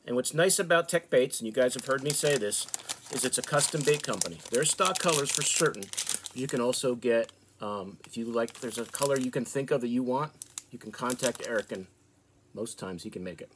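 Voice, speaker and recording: An American man from the northeastern United States, hosting a fishing channel, casually showing off soft plastic baits in a relaxed, chatty way with fillers. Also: mid-range voice, fairly quick, a little hiss or hum. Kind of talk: casual product show-and-tell.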